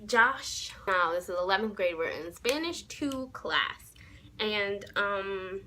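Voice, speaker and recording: A young woman tells a story straight to her viewers, sassy and animated. Her voice sits at an ordinary middle pitch, with a faint hum of room ambience behind her. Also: takes it slowly, rough recording. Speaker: vlogger. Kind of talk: casual story time.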